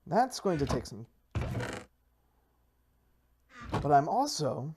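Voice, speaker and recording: A Minecraft server player and video creator rambles through playful gameplay commentary, mocking himself and restarting sentences as he hypes his plans in a mock sales pitch. His pitch swings widely, his pace is slow, and background noise is present.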